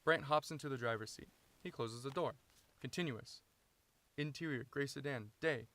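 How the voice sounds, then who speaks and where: A man reading his own screenplay aloud, steady and matter-of-fact, inside a parked car. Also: medium pitch, moderate pace, no room sound. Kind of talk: script read-through narration.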